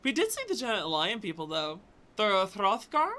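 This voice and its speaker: A woman's voice: medium pitch, big pitch swings, normal speed, sharp tone. A young adult woman streaming a game, chatting playfully to viewers; her voice sometimes cracks. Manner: bubbly, playful, chats to viewers. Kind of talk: casual live-stream chat. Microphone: headset with headphones.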